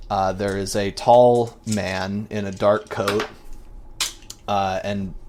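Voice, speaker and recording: A man narrating a tabletop game as game master, in a rambling, descriptive way with many fillers. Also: lowish voice.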